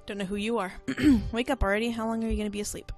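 A woman voicing a calm, protective young man in a dating game, speaking in soft, reassuring tones with a controlling edge. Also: on the high side, very fast, faint music behind, natural voice. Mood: teasing.

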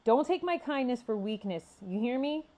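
A woman's voice: a little high, lively intonation, normal speed, dark tone, muffled recording, pitched above the performer's own voice, natural voice. A woman voicing a stern male club adviser who lectures his students, in a read-aloud story.

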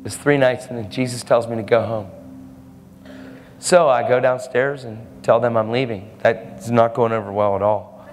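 A man's voice: medium pitch, fairly even intonation. Fervent preacher man in a reverberant hall. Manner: fervent, emphatic, with quick laughs. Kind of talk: sermon.

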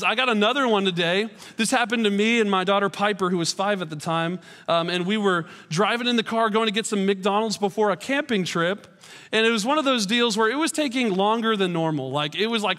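A man's voice: high voice, fairly bright tone. A man, a pastor in his thirties, giving a sermon in a church auditorium and telling stories with self-deprecating humor. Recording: long hall reverb.

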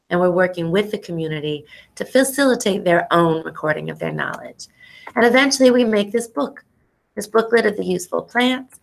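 Animated creaky-voiced woman lecturer. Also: medium pitch. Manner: animated storyteller, exclamations and acted-out quotes; casual, says y'all. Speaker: ethnobotanist presenting to students. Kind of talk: lively educational talk.

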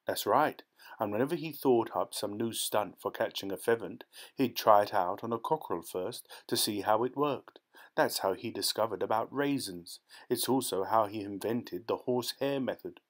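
A man's voice: on the low side, moderate pace, close to an everyday voice. A man voicing a sly middle-aged male country poacher who talks in an eager, conspiratorial way, in a storybook reading. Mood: confiding.

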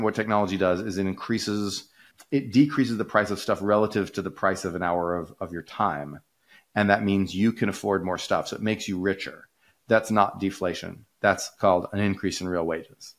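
Chatty low-voiced man explaining with fillers. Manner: rambling, many fillers and restarts, animated. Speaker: podcast host and economist. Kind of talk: casual conversational explaining.

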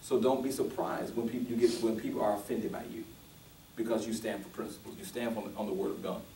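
A man's voice: on the low side, fairly even intonation, brisk, warm tone, reverberant, recorded from a distance, a little hiss or hum, poor audio. A male pastor preaching a sermon, restarting often and building to emphatic, rising peaks.

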